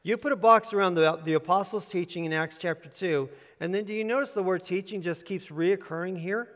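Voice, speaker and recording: Emphatic pastor in a reverberant hall. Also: male voice, high voice, a little fast, fairly bright tone. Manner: emphatic, repetitive, directs listeners to underline. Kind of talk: sermon with handouts.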